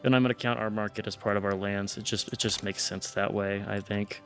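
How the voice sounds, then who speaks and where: Male gameplay streamer, gravelly voice, casual thinking-aloud commentary, faint background music. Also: fairly low pitch, level tone, a little fast, a bit bright. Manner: thinking aloud, trailing off, restarts. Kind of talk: casual let's-play commentary.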